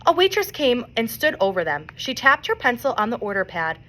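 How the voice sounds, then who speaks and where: A woman reading a children's novel aloud in an expressive storybook manner. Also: on the high side, brisk. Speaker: reader.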